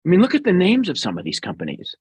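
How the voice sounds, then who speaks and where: A man's voice: high voice, huge pitch swings, fast, a little mellow, breathy edge, no room sound. A middle-aged man with a New York accent, answering interview questions bluntly and sarcastically as a business guest.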